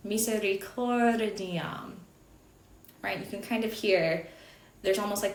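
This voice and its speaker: A woman's voice: mid-range voice, slow pace, pauses often. A woman in her thirties teaching Gregorian chant over slides, explaining in a chatty way with little asides. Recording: echoey room, faint background noise.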